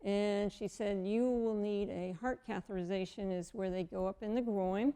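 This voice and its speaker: Woman in her 50s, guest, gravelly mellow voice, animated storyteller who acts out the dialogue. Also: mid-range voice. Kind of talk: personal testimony storytelling.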